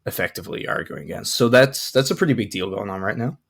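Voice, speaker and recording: Croaky gravelly podcast co-host man. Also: fairly low pitch, quick pace. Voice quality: croaky morning voice. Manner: relaxed, rambling, frequent fillers. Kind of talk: casual chat.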